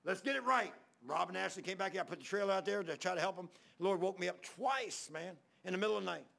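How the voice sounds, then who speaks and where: A man's voice: high-pitched, fast talker, creaky, a bit bright. A male pastor telling stories in a folksy, rambling sermon, acting out the people he quotes. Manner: folksy, rambling Southern preacher talk with quoted dialogue. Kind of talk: storytelling sermon.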